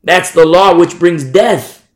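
An American man teaching a Bible passage in an emphatic, questioning way, his voice sitting a little high for a man. He stretches key words out slowly and keeps asking his listeners whether they see the point. The recording carries a noticeable room echo. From United States.

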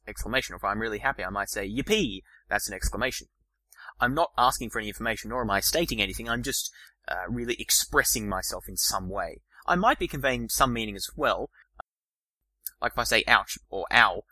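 Quick, bright-voiced man explaining. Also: on the low side, no echo, poor audio. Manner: fast, animated explaining with many restarts and fillers. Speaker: podcast host. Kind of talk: explanatory podcast lecture.

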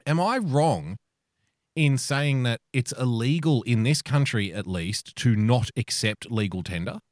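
A man's voice: medium pitch, unhurried, no echo. Australian guy co-hosting a stream, spinning a yarn, swears a lot, dead dry sound. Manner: animated storyteller, swears freely. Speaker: podcast co-host. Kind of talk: casual chat on a live stream.

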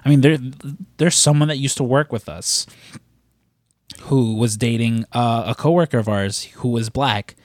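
A man's voice: mid-range voice, moderate pace, no room sound, studio quality. A man chatting casually on a podcast, rambling with lots of filler words. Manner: rambling, heavy use of "like" and "you know". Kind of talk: casual chat.

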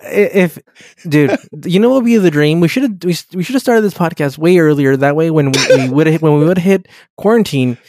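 Jokey podcast guy, kinda high voice, bounces around a lot. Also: expressive, fairly quick, a little mellow, no room sound. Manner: playful, pitching wild ideas, laughs while talking. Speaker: podcast co-host. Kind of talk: casual chat.

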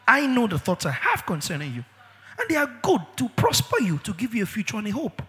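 A man preaching a sermon as pastor, emphatic, with sudden shouts and drawn-out words. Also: high-pitched, wildly swooping pitch, long reverb tail.

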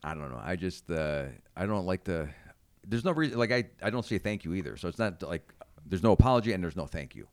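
A man's voice: sits low, a little fast, dry recording. A man co-hosting a podcast, a comedian talking casually and bluntly, cursing freely as he tells stories. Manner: blunt, profane, animated storyteller.

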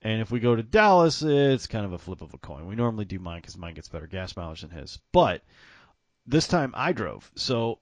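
Lower-voiced man telling a rambling story. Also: brisk, dry recording, clean studio sound. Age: adult with grown-up parents. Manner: rambling, animated, laughs often. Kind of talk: casual storytelling chat.

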